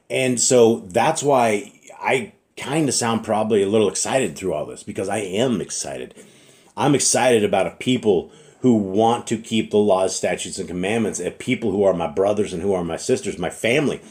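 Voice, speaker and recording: Middle-aged man, low-ish voice, earnest informal preacher, throat-clearing, slight cough. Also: lively intonation, moderate pace, a little mellow. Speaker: religious teacher.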